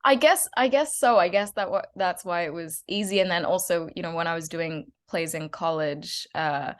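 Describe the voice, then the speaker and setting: A woman's voice: on the low side, moderate pace. Chatty Australian woman in her twenties. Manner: chatty, laughs often. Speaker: guest actress. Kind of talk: casual interview chat.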